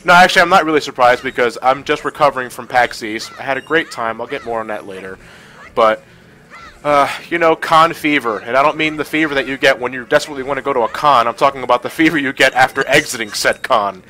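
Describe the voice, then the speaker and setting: Speaking fast in a mid-range voice that is bright and forceful, a stuffy-nosed stream host talks casually over a game. He reads the chat out loud and laughs frequently. The recording quality is low.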